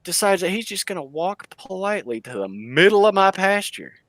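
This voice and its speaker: A man, telling hunting stories in a casual, animated chat, laughing and acting out quotes. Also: high voice, brisk, no echo. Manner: animated, laughing storyteller who acts out quotes. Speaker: bowhunter guest.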